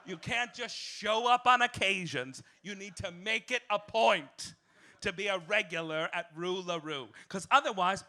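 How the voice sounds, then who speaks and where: A man's voice: high voice, measured pace, sharp tone, a little hiss or hum. A man hosting a stand-up comedy monologue in a cabaret club, campy and theatrical, breaking into shrieks. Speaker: comedy host. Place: small cabaret club with live audience.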